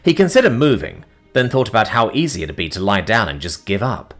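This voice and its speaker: A man reads a science fiction story in a dramatic audiobook style. His low voice rises and falls in a very animated way. Soft music plays beneath the narration. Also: brisk. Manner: dramatic, expressive.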